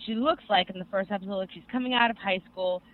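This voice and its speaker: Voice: medium pitch, fast. Rambling young podcast co-host, tinny sound. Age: young adult. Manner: rambling, excitable storytelling with many fillers. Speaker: co-host reviewing anime. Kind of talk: casual podcast chat.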